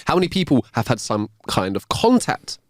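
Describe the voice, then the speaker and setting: A man's voice: mid-range voice, very animated, normal speed, dry recording, studio quality, natural voice. A man voicing a showy stage speaker who questions his audience about ghosts, in a grand announcing tone.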